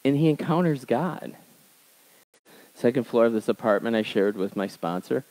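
A male pastor preaching in a relaxed, conversational way at a middle pitch. He pushes his voice up for emphasis, then drops into soft, low asides while telling personal stories. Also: moderate pace, rough recording. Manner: conversational storytelling, swinging between emphatic highs and quiet asides. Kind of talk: sermon.

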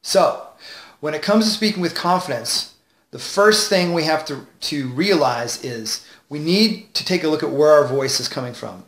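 A man as a confidence coach, giving advice straight to camera with clear enunciation, shifting tonality and deliberate pauses. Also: fairly high pitch, expressive, fairly bright tone, reverberant. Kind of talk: direct-to-camera advice video.

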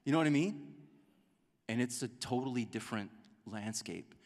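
Animated pastor preaching in a reverberant church. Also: male voice, mid-range voice, normal speed. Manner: animated, conversational, acts out quotes. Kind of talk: sermon. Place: church sanctuary.

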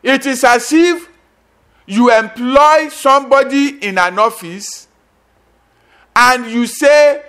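A middle-aged pastor delivers a sermon in an unusually high voice. He preaches at a slow, deliberate pace, hammering points through repetition, with sudden bursts and drops. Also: fairly bright tone, clean tone.

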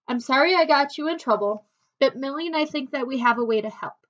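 A woman's voice: sits high, fast, fairly bright tone, lo-fi sound. A woman voicing a young schoolgirl in a storybook, earnest and careful, nervous but resolute.

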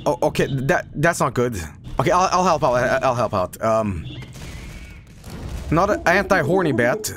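A man streaming a game, giving casual, excitable commentary with frequent swearing and laughter. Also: mid-range voice, moderate pace, long pauses, a little hiss or hum. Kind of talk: casual let's-play commentary.

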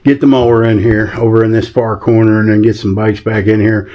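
A man's voice: lowish voice, level tone, brisk, dark tone. A man chatting casually in a folksy, easygoing way while he works outdoors on his rural property. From American South. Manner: easygoing, folksy, talks to animals. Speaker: vlogger. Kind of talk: casual vlog narration.

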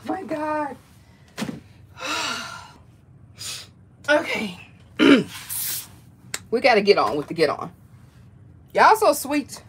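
A woman with excitedly unboxing gifts on a livestream, gushing, gasping and laughing often. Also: medium pitch, slightly rough. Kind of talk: excited live unboxing chat.

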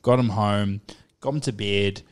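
A man's voice: on the low side, a little slow, smooth. Crude young man from New Zealand. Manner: crude, swears a lot, animated storytelling. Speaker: podcast co-host. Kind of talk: casual chat.

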